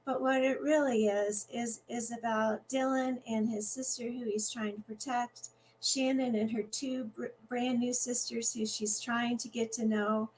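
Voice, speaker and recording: A woman author introducing and reading from her own novel, halting and conversational. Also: a little high, fairly even intonation, darkish tone, a little hiss or hum, rough recording.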